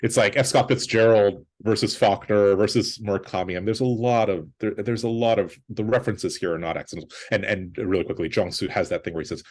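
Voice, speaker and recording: A man with a notably deep, low voice speaks as a guest film critic. He talks in relaxed conversational analysis and often restarts his sentences mid-thought. Now and then he lifts his voice to quote a character. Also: brisk, hardly any pauses.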